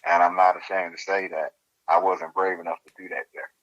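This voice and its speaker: A man, telling his story as an interview guest in a casual, animated way and laughing as he goes. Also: deep voice, brisk, lo-fi sound.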